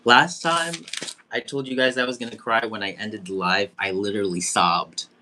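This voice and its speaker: A man's voice: lowish voice, fairly even intonation, normal speed, sharp tone, a little hiss or hum. A young man hosting a live-streamed psychic development circle, effusive and emotional, giggling as he thanks everyone. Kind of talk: live-stream group session.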